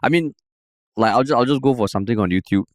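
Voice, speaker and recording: A man's voice: medium pitch, fast talker, dry recording, clean studio sound. A man with a Singaporean accent co-hosting a podcast, talking casually and sharing opinions. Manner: conversational, opinionated, drops "lah" and Singlish words. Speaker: podcast co-host. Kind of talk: casual chat.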